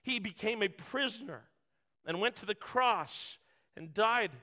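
A man's voice: sits high, lively intonation, a little slow, sharp tone. A man preaching a sermon, earnest and building through repetition, acting out short quotes. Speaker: pastor.

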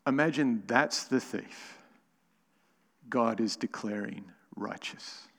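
A man's voice: mid-range voice, takes it slowly, big-room sound. A man preaching a sermon as pastor, emphatic and building to exclamations. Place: church.

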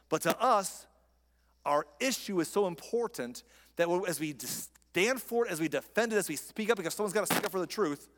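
A pastor preaching a sermon in a conversational, emphatic way, using rhetorical questions. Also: male voice, a little high. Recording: long hall reverb.

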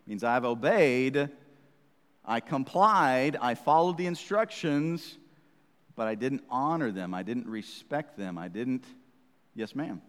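A man's voice: medium pitch, animated, slow, a bit bright. A man preaching a sermon as the pastor, in a conversational, teasing way, often checking in with "right?". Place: church. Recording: reverberant church hall.

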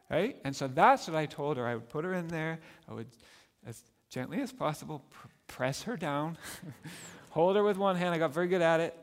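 A man preaching a sermon as pastor, shifting between loud emphatic lines and soft hushed stretches. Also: a little high, normal speed. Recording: long church reverb.

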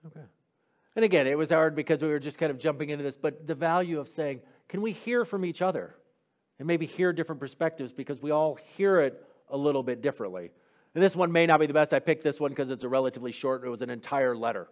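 A man's voice: fairly high pitch, quick pace. A man giving a sermon who reads scripture aloud and then asks his listeners what they heard. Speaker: preacher leading a Bible discussion. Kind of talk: sermon with scripture reading and group discussion.

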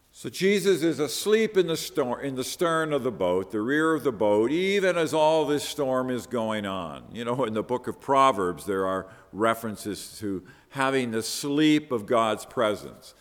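A man preaching a sermon on a Bible passage, earnest, often repeating words as he stresses a point. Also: mid-range voice. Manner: earnest, repeats words, quotes with rising emphasis. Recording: long hall reverb.

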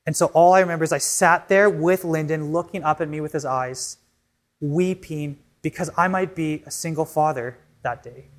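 A man's voice: high-pitched, a little fast. A young male pastor preaching a sermon, telling an emotional personal story in an earnest way with frequent restarts.

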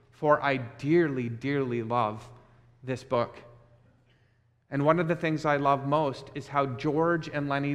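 A pastor delivering a sermon with a slightly higher voice, shifting from soft, personal storytelling to emphatic, fervent passages. His words carry a long reverb, as if filling a big sanctuary.

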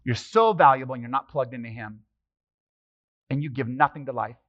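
A middle-aged man preaching a casual, conversational sermon as pastor, animated and joking, throwing rhetorical questions at the congregation. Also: mid-range voice, fairly quick. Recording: slightly muffled, dry sermon recording.

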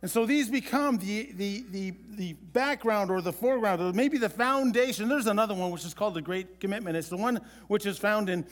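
A man preaching a sermon as pastor, in a conversational way with halting restarts. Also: sits high, in a large hall.

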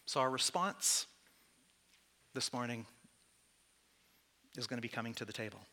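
A man's voice: mid-range voice, moderate pace, sharp tone. A man preaching as pastor to his church, candid and conversational, with self-deprecating asides. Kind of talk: sermon.

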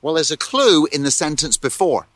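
A man pastor preaching a sermon in an animated way, full of rhetorical questions and repeated words. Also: fairly high pitch, normal speed, no echo.

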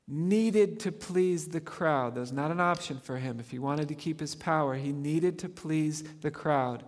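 A male pastor delivers an earnest, emphatic sermon in a somewhat high voice, lifting the pitch and volume on key phrases. A long reverb hangs in the church hall around him.

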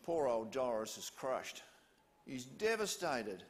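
A man's voice: medium pitch, very animated, slow pace. A man preaching, retelling a story with questions to his listeners. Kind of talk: storytelling sermon.

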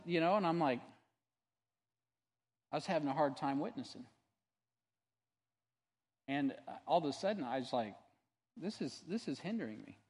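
A male pastor preaching a sermon in a conversational, storytelling way, earnest and animated, often restarting and adding asides. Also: fairly high pitch, long reverb tail. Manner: earnest and animated when testifying.

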